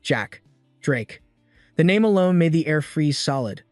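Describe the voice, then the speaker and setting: Male narrator, scripted story recap, slightly high voice, dry close sound. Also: fairly quick, darkish tone, smooth, no echo, faint music behind.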